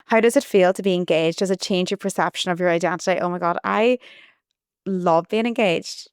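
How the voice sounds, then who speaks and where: Smooth-voiced woman chatting. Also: lowish voice, a little fast, dry recording, studio quality. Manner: chatty, rambling, with frequent restarts and "like". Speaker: podcast host. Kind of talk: casual storytelling monologue.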